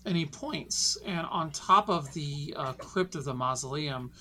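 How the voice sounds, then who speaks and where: A woman running a tabletop game as narrator, describing scenes in an eerie, unhurried way. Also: sits low, lively intonation, pushed and bright. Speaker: game master.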